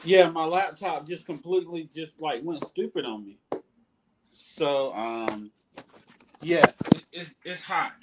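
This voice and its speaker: A man's voice: on the high side, slow, background noise. A man hosting a casual livestream, talking in a loose, rambling way with laughs, after eating something very spicy. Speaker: YouTube channel host. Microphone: laptop or tablet on a video call.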